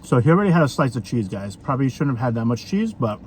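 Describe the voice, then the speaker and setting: A man's voice: mid-range voice, big pitch swings, fast, a little mellow, slight background noise. A man talking through a casual food review vlog, chatty and rambling, with lots of fillers.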